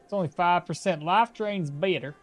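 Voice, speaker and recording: A man's voice: sits high, moderate pace, fairly bright tone, soft background music. A man streaming a game, chatting with his viewers, thinking aloud and laughing often. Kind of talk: casual live-stream commentary.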